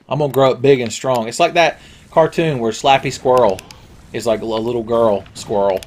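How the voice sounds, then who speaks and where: A man's voice: medium pitch, animated, fairly quick. A man giving let's play commentary, sarcastic and profane, rambling from joke to joke. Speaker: game commentator.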